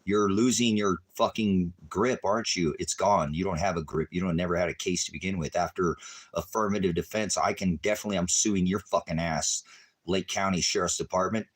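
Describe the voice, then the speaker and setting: A man ranting at his viewers on a livestream, cursing and taunting them, swinging between shouting and low muttering. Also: steady tone, a little fast, husky. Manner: angry, cursing, taunting, repeating insults. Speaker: ministry livestreamer. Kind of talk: profane livestream rant at viewers.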